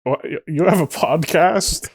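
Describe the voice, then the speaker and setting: A man's voice: on the high side, a little slow, slightly rough. A man running a tabletop game as game master, narrating and playing characters in an offhand, dry way.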